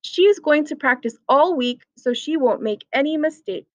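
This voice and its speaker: A woman teacher reading a children's picture book aloud, clearly and expressively, at an unhurried pace. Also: sits high, expressive, dry recording.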